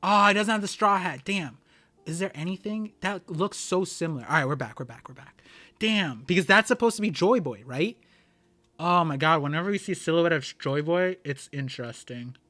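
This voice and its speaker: A young man streaming live, reading a comic chapter aloud and reacting with excited exclamations and stammers. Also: fairly high pitch, normal speed.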